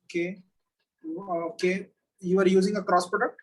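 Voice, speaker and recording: Man, physics teacher, high voice, husky, patient, repeats questions, video call. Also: level tone, moderate pace, rough recording. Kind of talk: online oral exam questioning.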